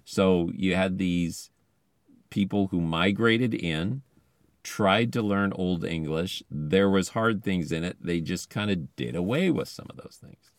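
A man with a notably low, deep voice reads an article aloud, stopping now and then for eager, chatty asides. He sounds close and dry, seated in a car with no room echo. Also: measured pace. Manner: chatty, enthusiastic commentary between quoted passages. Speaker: podcast host.

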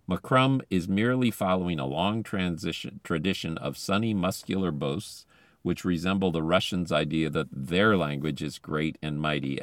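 A man's voice: low-pitched, dry recording. A man hosting a show, reading an article aloud from his car and breaking in with chatty, enthusiastic asides. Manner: chatty, enthusiastic commentary between quoted passages. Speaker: podcast host.

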